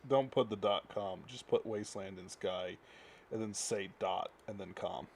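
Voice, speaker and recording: A man's voice: fairly low pitch, moderate pace, gravelly, a little hiss or hum. A man co-hosting a livestream, chiming in with brief, dry remarks in casual chat. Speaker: livestream co-host.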